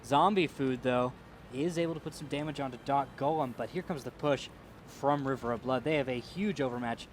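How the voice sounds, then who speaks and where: A man giving live play-by-play commentary on an esports tank match, getting louder and quicker as the fights heat up. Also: medium pitch. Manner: rises to excited calls during fights. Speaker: esports caster.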